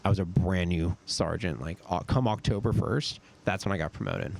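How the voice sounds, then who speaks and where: A young man, a podcast guest and army sergeant, telling stories in a relaxed, casual way, full of "dude" and "like.". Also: low voice, moderate pace, creaky. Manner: laid-back, says "dude" and "like" a lot. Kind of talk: casual storytelling chat.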